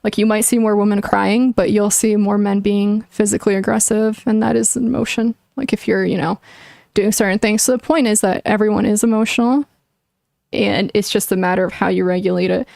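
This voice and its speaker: A young woman chats on a livestream, mid-pitched and plainly earnest as she works through her opinions out loud. She hedges with likes and restarts her sentences. The sound is close and dry, with no room around it. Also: steady tone, brisk, creaky, dry recording. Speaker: streamer. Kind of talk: casual livestream chat answering viewers.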